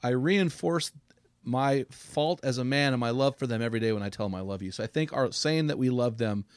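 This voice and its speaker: A man's voice: medium pitch, fairly quick, no room sound, clean studio sound. A middle-aged man hosting a men's podcast, speaking in an earnest, heartfelt, preacherly way. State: choked up. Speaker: podcast host. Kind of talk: casual men's podcast talk.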